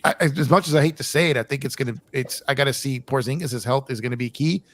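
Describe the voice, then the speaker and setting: A man's voice: mid-range voice, fast talker, a bit bright. A man hosting a casual sports podcast, rambling with repeated words, frequent swearing and laughter. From United States. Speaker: podcast host.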